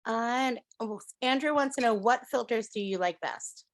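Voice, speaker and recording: A woman's voice: a little high, normal speed. A woman moderating a webinar, relaying audience questions in a brief, matter-of-fact way.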